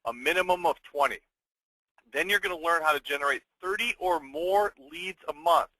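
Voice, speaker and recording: Bright, upbeat salesy man. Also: moderate pace, no room sound, low-quality recording. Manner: upbeat salesy pitch with rhetorical questions; keeps checking in with "okay?". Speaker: webinar host. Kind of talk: sales webinar presentation.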